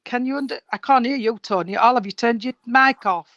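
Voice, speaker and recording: A chatty woman medium gives a rambling reading, sprinkling in sweetheart and darling. Her voice sits a little high. It comes through a dull, dry video-call line. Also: brisk, a bit bright, no room sound. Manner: chatty, calls people sweetheart and darling, self-correcting. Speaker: spiritualist medium. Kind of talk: live mediumship reading at an online service.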